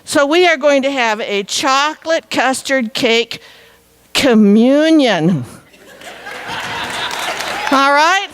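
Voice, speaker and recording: A woman's voice: sits high, lively intonation, slow pace, pauses often, fairly bright tone, some chatter behind. A woman giving a playful, chatty talk to a live audience, coaxing them to join in. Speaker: featured speaker. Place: meeting hall before a live audience.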